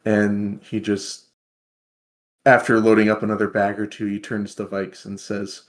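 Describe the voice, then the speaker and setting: Man, tabletop player; low, slow, quiet narration of his character's moves. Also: monotone.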